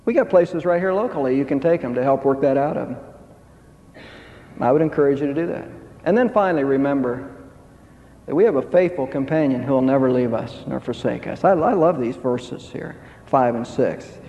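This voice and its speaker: In a church sanctuary, a male pastor preaches emphatically, his voice climbing on key phrases. It is medium-pitched, fairly quick, and dark in tone. The recording sounds dull, with long hall reverb.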